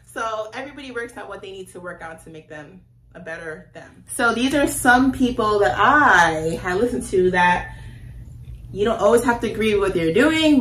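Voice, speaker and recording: A woman's voice: medium pitch, fairly bright tone. A woman talking to camera in a casual, rambling monologue, often correcting herself. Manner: rambling, chatty, self-correcting. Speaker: spiritual vlogger. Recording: roomy echo, faint background hiss.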